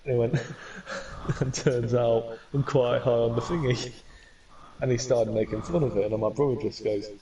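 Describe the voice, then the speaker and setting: A young man co-hosting a podcast, telling stories in an animated, laughing way. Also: medium pitch, normal speed. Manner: animated storyteller, laughs loudly. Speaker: podcast co-host. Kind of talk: casual chat. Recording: distant mic with background noise.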